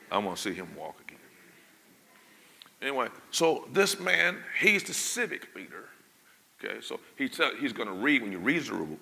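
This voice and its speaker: A man preaching a sermon. He moves from low conversational asides to loud shouted preaching and calls for the congregation to answer him. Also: creaky. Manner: call-and-response with the congregation. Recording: long hall reverb.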